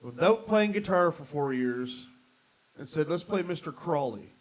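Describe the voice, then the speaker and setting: A man with a slightly high voice hosts a relaxed podcast chat. He tells long, rambling stories and drops casual swears along the way. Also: measured pace, poor audio. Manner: swears freely, rambling storyteller. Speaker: podcast host.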